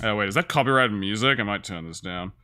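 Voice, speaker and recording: A man's voice: fairly low pitch, fast talker, sharp tone. A man streaming and reacting to clips in casual talk, sarcastic and sweary.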